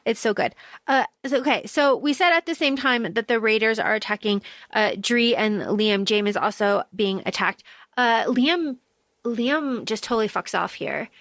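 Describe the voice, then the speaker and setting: Chatty woman podcaster, slightly high voice. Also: normal speed, a bit bright, no echo. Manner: chatty, lots of fillers and quoted asides, swears casually. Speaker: podcast co-host. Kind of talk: casual book discussion.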